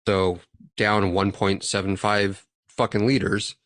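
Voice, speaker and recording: A man's voice: lowish voice, level tone, slow, a bit bright, no room sound, studio quality. Profane laughing storyteller, a young man. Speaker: podcast host. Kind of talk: casual chat.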